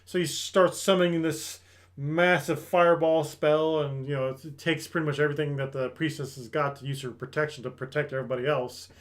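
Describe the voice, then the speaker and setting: A man's voice: on the high side, a little fast. A man hosting an anime review, casually retelling an episode and briefly voicing the characters as he goes. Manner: animated storytelling that acts out characters' lines.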